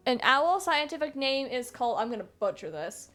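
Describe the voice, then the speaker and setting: A woman's voice: high-pitched, big pitch swings, brisk, sharp tone. A woman streaming a video game, chatting casually in a playful, rambling way. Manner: playful, rambling, chuckling to herself. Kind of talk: casual chat while gaming. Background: faint game music.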